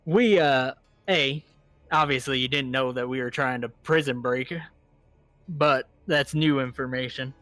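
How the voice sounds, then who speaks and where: A man playing his character in a tabletop game with a put-on American Southern accent, speaking in halting, hesitant phrases. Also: medium pitch, a bit bright, no echo. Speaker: player.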